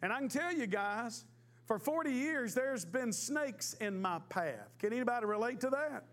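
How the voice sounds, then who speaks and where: A man's voice: very high-pitched, expressive, moderate pace, fairly bright tone. A man in his fifties, a pastor, preaching a sermon in a folksy storytelling way with emphatic repetition. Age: 50s.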